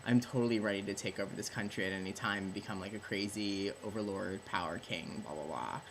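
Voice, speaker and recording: A man's voice: lowish voice, fast talker, a bit bright, a little hiss or hum, poor audio. A tipsy man voicing a whiny, entitled young prince who talks in valley slang, "like" in every phrase. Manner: valley-speak, peppered with "like".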